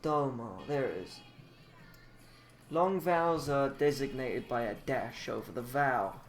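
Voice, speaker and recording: A man's voice: mid-range voice, animated, measured pace, soft background music. A man reading pronunciation notes aloud and adding grumbling, casual asides about the spelling. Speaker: self-taught language learner. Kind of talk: reading aloud from a book with personal comments.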